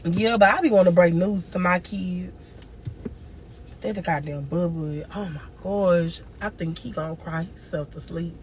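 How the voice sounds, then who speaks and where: A woman's voice: on the low side, measured pace, a little mellow, a little hiss or hum. A grieving woman streaming live, telling a long emotional story and crying at times. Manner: tearful, cries and moans through the story.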